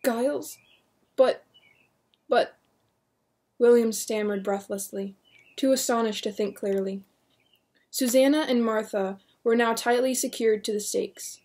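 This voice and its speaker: A woman reading a horror novel aloud in a steady, measured narration. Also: fairly high pitch. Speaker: audiobook reader.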